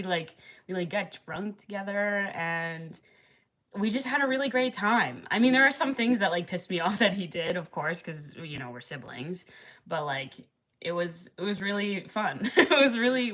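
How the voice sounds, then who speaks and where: Chatty young woman with a bright voice. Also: medium pitch. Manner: chatty, laughing often, many fillers. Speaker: livestreamer. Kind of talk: casual live-stream chat.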